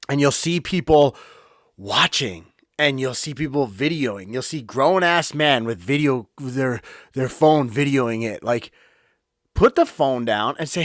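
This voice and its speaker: A man's voice: medium pitch, animated, a little slow, a bit bright, no room sound, clean studio sound. A man hosting his own podcast, talking bluntly and heatedly in a casual monologue from a home office, swearing as he goes. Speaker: podcast host.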